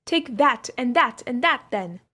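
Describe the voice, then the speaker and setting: A woman voicing a bold, quick-tempered young woman who passes as a young man, speaking in an emphatic, determined way. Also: a little high, natural voice. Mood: angry.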